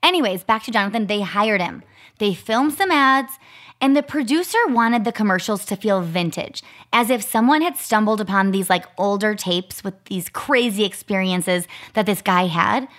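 A woman's voice: medium pitch, animated, moderate pace, a bit bright. A woman in her thirties, co-hosting a podcast and telling a story in a chatty, casual way, full of "like.". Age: 30s. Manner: chatty, lots of "like" fillers. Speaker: podcast co-host.

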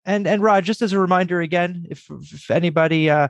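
A man's voice: sits high, fairly quick, creaky, no room sound. A man co-hosting a podcast, chatting casually and joking with enthusiasm. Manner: lively, jokey, enthusiastic. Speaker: podcast co-host.

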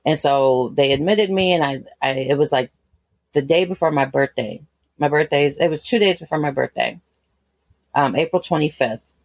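A woman in her thirties recounts a painful personal story in a long, rambling, candid way, full of fillers and restarts. Her voice sits very low. The recording is dry and close, with no room sound. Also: moderate pace, no room sound. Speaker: guest.

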